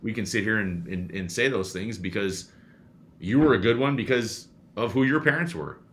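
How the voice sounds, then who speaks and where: A low-pitched man with a bright, forceful edge, chatting as a youth baseball coach. He tells stories in animated bursts, full of restarts and repeated words. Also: moderate pace, slight background noise. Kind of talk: casual chat.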